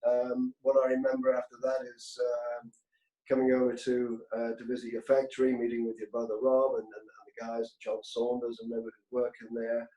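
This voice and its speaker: A man's voice: mid-range voice, little pitch movement, fairly quick, mellow, echoey room, poor audio. A man being interviewed, telling anecdotes in a chatty, self-deprecating way with frequent restarts. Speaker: guest, industry executive. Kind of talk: casual anecdotal chat.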